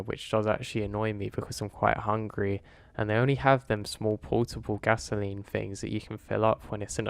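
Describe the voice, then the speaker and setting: A man narrating a first-person horror story in a steady storytelling way. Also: fairly low pitch, a little hiss or hum.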